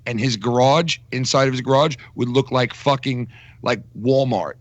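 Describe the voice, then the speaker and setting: A New York man with a mid-range voice, talking at a moderate pace, tells a rambling, profane story in casual podcast chat, laughing through it. He's a podcast co-host, and the recording has no room sound.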